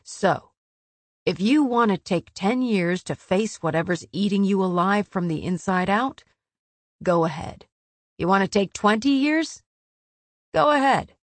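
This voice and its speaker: A woman reading the lines of a fierce winged male warrior with icy, controlled fury, speaking in a low, clipped, intense way. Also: a little slow, no room sound.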